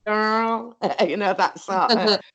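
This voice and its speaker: A woman's voice: fairly low pitch, lively intonation, measured pace. A woman with a Northern English accent telling a story in casual chat, rambling along and laughing often. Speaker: co-host.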